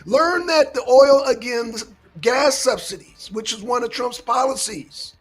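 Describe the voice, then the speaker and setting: A man's voice: very high voice, unhurried, soft background music. A man hosting a casual political commentary show, lecturing his listeners emphatically and swearing often.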